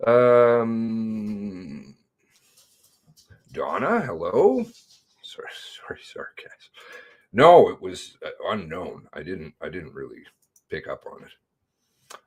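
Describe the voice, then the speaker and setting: Slow, sardonic man hosting a livestream. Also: on the low side, sing-song, husky. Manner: drawling, sardonic, greets viewers by name. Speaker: livestream host reading chat. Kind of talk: casual livestream chat.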